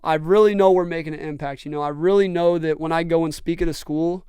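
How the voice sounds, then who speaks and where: Earnest young Midwestern man, crisp voice. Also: fairly high pitch, steady tone, quick pace, mellow, dry recording. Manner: earnest, rambling with restarts. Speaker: podcast host and brand owner. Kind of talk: casual storytelling chat.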